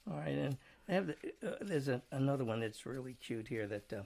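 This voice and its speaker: Gravelly man hosting casual chat. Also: medium pitch, expressive, moderate pace, darkish tone. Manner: rambling, chuckles while reading out jokes. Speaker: show host.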